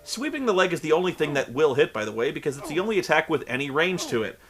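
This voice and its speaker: Sarcastic, animated male game reviewer. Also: on the high side, fast talker, faint music behind. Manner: sarcastic, exasperated, profane. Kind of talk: comedic video game review.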